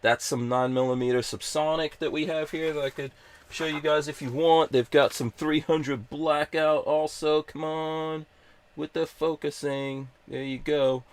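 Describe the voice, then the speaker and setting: A man's voice: fairly high pitch, fairly even intonation, unhurried, clear, resonant tone. A man hosting a live podcast stream, chatting casually in an upbeat, joking, rambling way. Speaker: podcast host.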